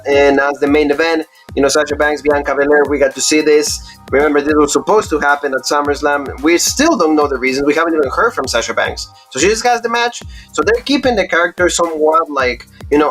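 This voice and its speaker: A man's voice: fairly high pitch, brisk, a bit bright, soft background music. A man in casual podcast chat, reviewing wrestling with lots of "like" and "you know" fillers.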